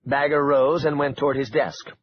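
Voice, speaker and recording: A man narrating a suspense audiobook in an expressive, dramatic way. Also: mid-range voice, moderate pace, lo-fi sound, slight background noise.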